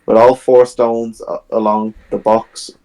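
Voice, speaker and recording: Despite poor audio, the man's low, clean-toned voice comes through at a measured pace. Co-hosting a podcast, he walks through a film's plot in easygoing talk, playing out scenes with lively energy.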